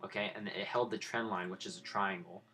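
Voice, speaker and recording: A man's voice: fairly low pitch, fairly even intonation, a little fast, pushed and bright, faint music behind. A man in his twenties giving blunt, profane live-stream commentary on his crypto trades and lecturing his viewers. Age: 20s.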